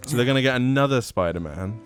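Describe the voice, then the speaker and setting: A male podcast co-host, playful and quick to giggle. His pitch jumps around animatedly. Faint music sits behind the chat. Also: expressive, smooth. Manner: playful, giggly, mock impressions. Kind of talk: casual chat.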